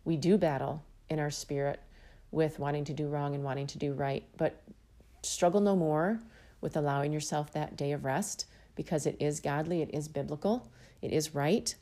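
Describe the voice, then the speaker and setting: A woman delivers a heartfelt devotional sermon in a low voice. Her tone is mellow and relaxed, and she encourages her listeners by repeating key phrases. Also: normal speed. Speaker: Bible teacher.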